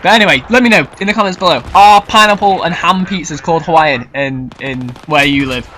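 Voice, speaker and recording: A man's voice: fairly high pitch, brisk, sharp tone, slight background noise. A young man with a Yorkshire accent, rambling nervously and swearing through a casual Q&A commentary video. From Yorkshire, England. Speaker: gaming YouTuber.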